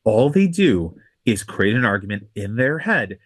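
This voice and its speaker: A man's voice: lowish voice, big pitch swings, a little slow, breathy edge, dry recording. A man co-hosting a podcast, talking bluntly and emphatically, often repeating his points. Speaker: podcast co-host. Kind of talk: casual podcast commentary.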